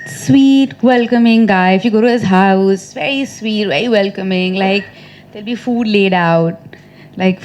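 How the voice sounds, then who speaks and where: A woman's voice: mid-range voice, darkish tone. A woman in her thirties answering questions at a press conference, chatty and teasing, laughing often. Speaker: actress at a press meet.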